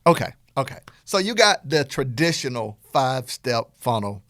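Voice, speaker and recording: Male middle-aged podcast host with a Southern accent, animated motivational coaching tone, very lively pitch, dry recording. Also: moderate pace, no echo. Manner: animated, playful, acts out dialogue in quotes. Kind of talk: energetic motivational talk.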